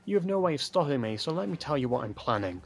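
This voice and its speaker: A man doing a brisk guilt-ridden time traveller. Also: medium pitch, sing-song, creaky, faint music behind, pitched above the performer's own voice.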